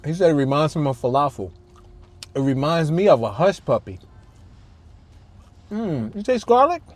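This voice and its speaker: A chatty man records a casual food vlog from the back seat of a parked car. His voice sits a touch high, and he talks to the camera between bites with plenty of approving hums. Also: lively intonation, normal speed, a little mellow. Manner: chatty, talks to viewers while chewing, lots of hums of approval. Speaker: food vlogger host. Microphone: camera-mounted mic, a little far off.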